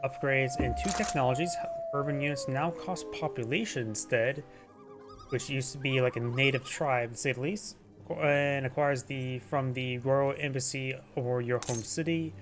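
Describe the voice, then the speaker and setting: A man's voice: mid-range voice, normal speed. Man casting a strategy game replay over music. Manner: rambling, trips over unit names. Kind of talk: casual replay commentary.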